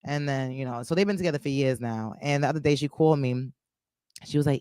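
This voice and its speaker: A woman's voice: rumbling low, fast, mellow, clear, resonant tone, no room sound. A woman doing a stand-up comedy set on a club stage, crude and loose, teasing the crowd, with a New York accent.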